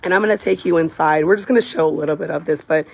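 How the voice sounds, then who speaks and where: A hoarse woman, a real estate agent showing a house on a live phone video, gushing as she walks through it. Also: low-pitched, very fast, darkish tone. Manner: gushing, enthusiastic, repeats "beautiful" and "I love". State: hoarse, lost voice. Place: walking through a large house, indoors and out. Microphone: handheld phone camera.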